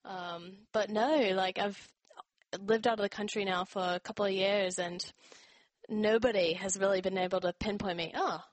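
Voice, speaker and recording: A young woman from North Carolina whose accent blends American, Australian and British sounds, chatting casually with soft laughs and frequent ums. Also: mid-range voice, steady tone, moderate pace. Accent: mixed American, Australian and British. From North Carolina, USA. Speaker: interviewee. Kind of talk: casual conversation.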